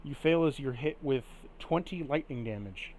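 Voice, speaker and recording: A man game master running a tabletop session. He makes rulings in quick, casual talk with an animated pitch. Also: slight background noise.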